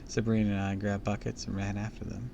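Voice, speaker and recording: On his live read-aloud stream, this man speaks briskly in a fairly low, gravelly voice with little pitch movement. He pauses the book for casual comments and jokes. The recording has background noise and the highs are cut off.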